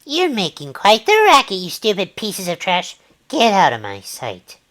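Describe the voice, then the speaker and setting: A man's voice: sits high, huge pitch swings, unhurried, a bit bright, pitched above the performer's own voice, heavily acted. A man voicing a tough, commanding teenage girl who speaks with cold contempt, set back from the microphone. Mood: contemptuous.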